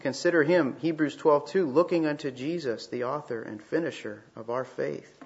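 A man's voice: on the high side, normal speed, darkish tone. A man preaching a sermon in an emphatic way, asking rhetorical questions and repeating phrases for weight. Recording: slightly dull, lo-fi sound.

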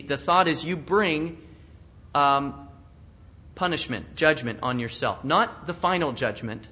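A man's voice: a little high, bright, forceful tone. A pastor preaching an expository sermon in an earnest manner, asking questions and chuckling at his own asides. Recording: dull lo-fi sound.

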